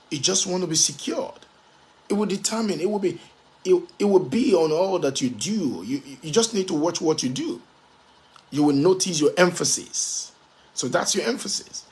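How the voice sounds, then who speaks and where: A man's voice, pitched a little higher than most men's, delivering a motivational talk with emphatic force. He drives his points home by repeating key phrases again and again. Now and then he slows to spell a word out letter by letter. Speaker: motivational speaker.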